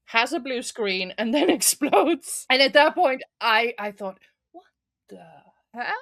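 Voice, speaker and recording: A woman's voice: sits high, expressive, unhurried, fairly bright tone, dry recording. A woman from Europe co-hosting a casual book club podcast, thoughtfully speculating about the plot. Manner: thoughtful, speculative, laughs lightly. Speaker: podcast co-host.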